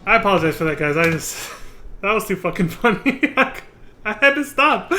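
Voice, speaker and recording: Excitable high-voiced young man streaming. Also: moderate pace, a little hiss or hum. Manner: excitable, swears freely, laughs often. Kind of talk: casual live-stream commentary while playing.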